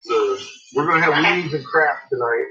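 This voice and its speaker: A man's voice: medium pitch, normal speed, sharp tone, lo-fi sound. A man chatting casually at home, teasing and swearing as he talks to his dogs. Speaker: dog owner. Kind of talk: casual chat.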